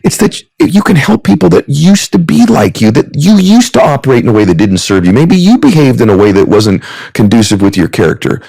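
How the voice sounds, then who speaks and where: A man in his fifties speaks as a podcast guest with a gravelly, slightly husky voice. His pitch swings widely as he tells heartfelt stories in an earnest, sermon-like manner, and the sound is close and dry. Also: very animated, brisk, darkish tone, dry recording. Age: 50s. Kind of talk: heartfelt storytelling.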